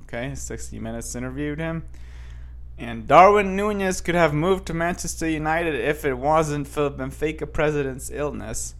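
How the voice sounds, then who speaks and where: A man with a slightly high voice talks straight to his viewers in a loose, rambling chat. He trips over his words, restarts often and wanders between asides while reading headlines aloud. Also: normal speed, fairly bright tone. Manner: rambling with many restarts and fillers. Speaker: vlogger.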